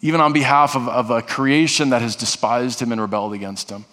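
A man's voice: mid-range voice, steady tone, fairly quick, pushed and bright. A male pastor preaching a sermon in an earnest way, often restarting and repeating phrases. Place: church sanctuary. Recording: long reverb of a large hall.

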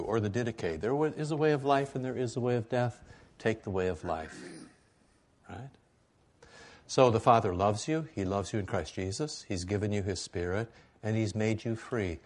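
A man's voice: on the low side, normal speed, darkish tone. A middle-aged man preaching a sermon to a congregation in an easygoing, conversational way, often checking in with "right?".

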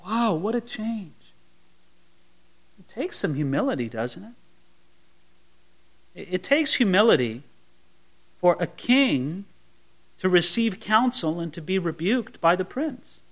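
A man preaching a verse-by-verse sermon, dropping to quiet asides and rising to emphatic peaks, sometimes mimicking gushing prayers. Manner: swings between soft low asides and bright emphatic peaks; voices imagined sweet prayers mockingly. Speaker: pastor. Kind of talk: expository sermon.

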